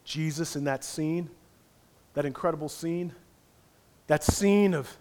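A man preaching a sermon in repeated rhythmic phrases, swinging from hushed near-whispers to loud impassioned cries. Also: on the high side, fairly even intonation, unhurried, pauses often. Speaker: pastor.

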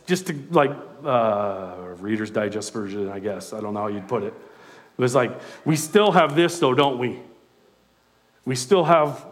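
A man preaching a sermon in a conversational, animated way, with self-deprecating asides. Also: mid-range voice.

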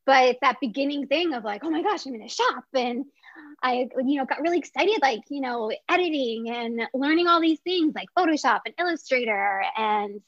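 A woman who founded a small business tells her story in a casual interview, chatty and excitable, full of filler words. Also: sits high, moderate pace, no room sound, lo-fi sound.

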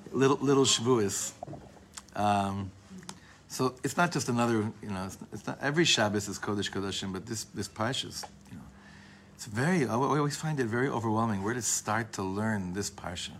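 A man giving an informal Torah class to a live group, talking in a discursive way, often breaking off and restarting his sentences, and slowing down to repeat key phrases. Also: lowish voice, fairly bright tone, slight background noise. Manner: leans on a phrase by repeating it slowly. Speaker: Torah teacher.

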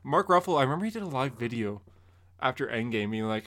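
A man's voice: mid-range voice, expressive, fast talker, a bit bright. A young Canadian man hosting a podcast, chatting casually and playfully and laughing easily. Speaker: podcast host. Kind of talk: casual chat.

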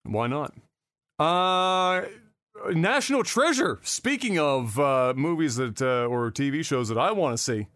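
A man's voice: on the high side, expressive, unhurried, a bit bright, no echo, studio quality. A man hosting a casual podcast, chatting and rambling about movies and games, swearing freely. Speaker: podcast host. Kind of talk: casual chat.

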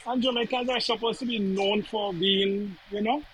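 A man's voice: high-pitched, steady tone, normal speed, fairly bright tone, breathy edge, low-quality recording. A man on a discussion panel sounding baffled and exasperated as he questions events. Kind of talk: casual discussion.

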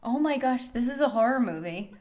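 A woman co-hosting a podcast, reacting to a story read aloud with quick, teasing comments. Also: a little high, animated, darkish tone. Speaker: podcast co-host. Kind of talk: casual chat.

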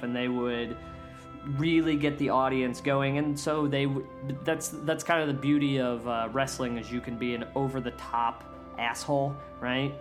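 Dude rambling on his comedy podcast, swears a lot, average pitch, bit of guitar music under him. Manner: loose, profane and candid. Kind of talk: casual podcast monologue.

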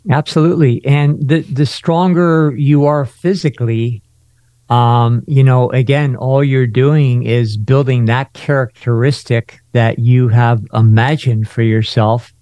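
A man speaking as a guest on a talk radio show, explaining things in a measured way. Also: mid-range voice, steady tone, dark tone, dry recording. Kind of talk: casual talk radio chat.

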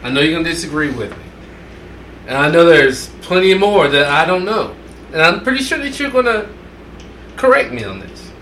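A man's voice: on the high side, expressive, moderate pace, long pauses, a bit bright, slight background noise. A man on a podcast in casual chat, hedging his points and repeating himself. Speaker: podcast co-host.

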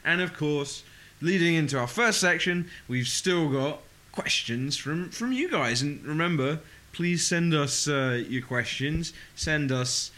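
Podcast co-host, male, bright and expressive, jokey and rambling. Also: fairly high pitch, measured pace. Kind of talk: casual chat.

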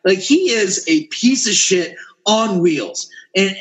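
A man's voice: high-pitched, animated, takes it slowly, poor audio. A man co-hosting a podcast, ranting angrily and profanely in casual chat. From Dallas, Texas. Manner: angry, profane, emphatic ranting. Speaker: podcast co-host.

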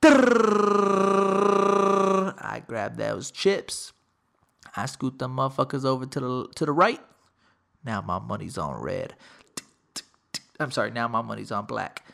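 A young man from Texas, a podcast host telling a casual story with lots of profanity, acting out quoted lines loudly. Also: mid-range voice, unhurried, vocal fry, pauses often.

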